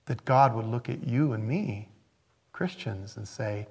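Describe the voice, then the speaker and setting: A man preaching a sermon as a pastor, in a conversational way that swings between emphatic bursts and hushed, quiet asides. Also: on the low side, animated, unhurried, slightly rough.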